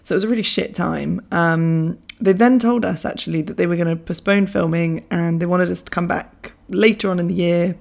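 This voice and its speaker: A young woman hosting a podcast, talking casually with a hoarse, croaky voice from losing it, chatty and self-mocking, laughing often. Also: on the low side, fairly even intonation, a little fast, hardly any pauses, darkish tone. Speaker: podcast host. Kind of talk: casual solo podcast chat.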